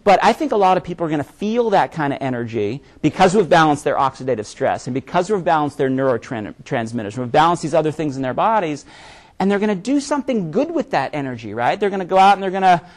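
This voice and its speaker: Slightly high-voiced man presenting live. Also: sing-song, quick pace. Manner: conversational, frequent "right?" tag questions; repeats words when restarting.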